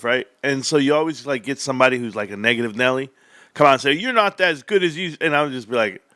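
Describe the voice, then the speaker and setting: Animated, bright-voiced man ranting to viewers. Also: mid-range voice, no echo, clean studio sound. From California, United States. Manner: animated, sarcastic, talks straight to viewers. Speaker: livestream host. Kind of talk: casual stock-talk livestream rant.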